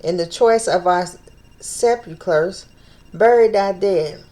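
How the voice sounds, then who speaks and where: Woman, mid-pitched, leads a casual Bible study; reads scripture, stumbles on names, thinks aloud. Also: slow pace, mellow. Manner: thinks aloud, stumbles over names, repeats phrases while working things out.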